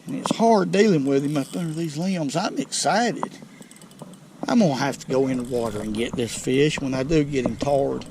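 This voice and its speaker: A man with a Southern US accent hosting a fishing vlog from a lake bank, folksy and excitable as he talks straight to viewers. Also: medium pitch, a little fast, vocal fry, few pauses. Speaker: fishing channel host. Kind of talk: outdoor fishing vlog commentary. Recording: outdoor noise behind voice.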